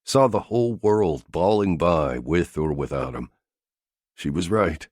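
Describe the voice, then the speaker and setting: Deep voiced guy narrating a thriller audiobook, steady and gritty, dead dry sound. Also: a little slow, no echo. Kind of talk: scripted narration of an action thriller.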